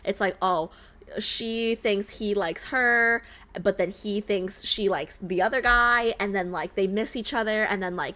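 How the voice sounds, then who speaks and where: A woman's voice: medium pitch, pushed and bright. A young woman streamer reacting to a game, ranting animatedly and exasperated, on a desk mic at home.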